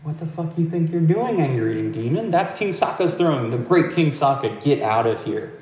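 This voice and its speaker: A man's voice: medium pitch, steady tone, normal speed, darkish tone, slight background noise, natural voice. A man voicing blustering palace guards who curse and insult an intruder in a raised voice. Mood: hostile. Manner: hostile, insulting, cursing. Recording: roomy hall, distant mic.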